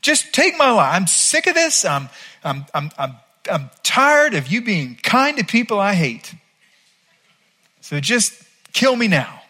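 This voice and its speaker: A man's voice: sits high, sing-song, unhurried, pushed and bright, voice pushed up, heavily acted. A man voicing an angry, exasperated male prophet who whines and complains to God in an outburst. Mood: fed up.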